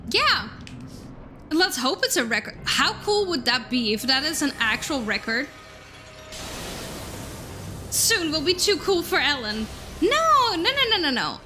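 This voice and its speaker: A young woman streamer with a high, bright, sharp voice talks excitably to her chat while she plays, swearing now and then. She sounds close to a desk mic, with faint game music running underneath. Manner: excitable, swears, chats with viewers. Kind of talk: casual live-stream chat while gaming.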